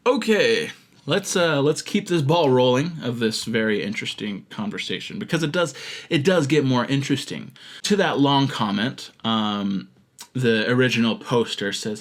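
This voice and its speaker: A man's voice: medium pitch, expressive, moderate pace. A man ranting as a filmmaker vlogger, reading out comments and mocking them with sarcastic asides and laughter. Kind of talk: comedic rant reading out comments.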